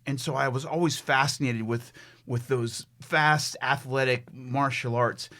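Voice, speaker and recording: A man's voice: mid-range voice, steady tone, a little slow, vocal fry, sharp tone. A middle-aged man from the United States, a fitness trainer who is a guest on a podcast. He tells a story animatedly and emphatically, with many restarts. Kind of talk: conversational storytelling.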